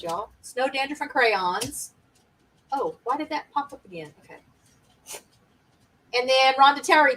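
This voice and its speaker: A woman's voice: high-pitched, bright, forceful tone, recorded from a distance, rough recording. A woman hosting a casual live-stream party game, chatty and laughing often as she reads out viewer comments.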